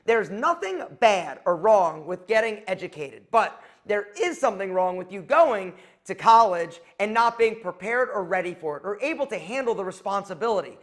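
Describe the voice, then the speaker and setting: A middle-aged man with a fairly high voice tells a story straight to camera. He talks in a loose, chatty way and turns it into friendly advice for his viewers. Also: animated, normal speed, hardly any pauses, fairly bright tone. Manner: chatty, advice-giving, acts out quoted exchanges. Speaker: YouTube host.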